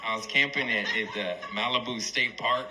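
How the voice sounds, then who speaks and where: A man's voice: medium pitch, moderate pace, over a noisy crowd. A man doing stand-up, telling a rambling, profane story and laughing through it, played as a clip on a radio show. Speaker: stand-up comedian.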